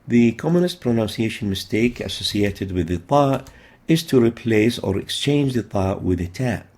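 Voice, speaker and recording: A man's voice: on the low side, lively intonation, moderate pace, a little mellow. A man teaching letter pronunciation in a methodical way, repeating each sound several times for practice. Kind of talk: instructional lesson.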